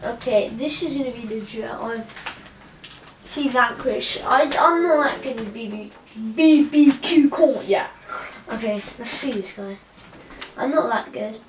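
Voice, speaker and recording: A woman giving excitable live gameplay commentary as a channel host, full of sudden exclamations. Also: on the high side, measured pace. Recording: roomy, distant mic, loud game noise.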